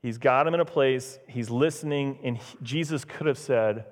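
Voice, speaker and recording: A man's voice: mid-range voice, moderate pace, few pauses. A man preaching a casual, conversational sermon as pastor, acting out the voices in the scripture he reads. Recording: long church reverb.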